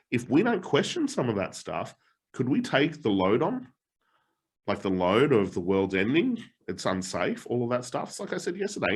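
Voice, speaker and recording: Running a live online challenge, this middle-aged coach speaks at medium pitch with a slightly rough edge. His storytelling is animated and personal, full of frequent laughter and offhand swearing.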